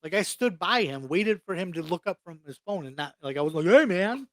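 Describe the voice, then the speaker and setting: A young adult man co-hosts a podcast in casual, swearing-heavy chat. His voice sits fairly high, and the recording is dry and close. He rants bluntly and keeps going. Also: a little fast, fairly bright tone, no echo. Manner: blunt, profane, ranting. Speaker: podcast co-host.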